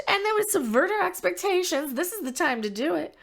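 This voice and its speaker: A woman's voice: very high voice, very animated, brisk, vocal fry, a bit bright. A woman hosting a commentary vlog, ranting in a sarcastic, theatrical way. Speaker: commentary channel host. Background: background music.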